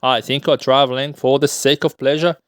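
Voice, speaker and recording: A man's voice: mid-range voice, steady tone, a little fast, dry recording, clean studio sound, lightly acted. A man voicing an anxious, scheming older male town governor, as he reads a play aloud. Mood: fawning. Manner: muttered asides, fawning when aloud.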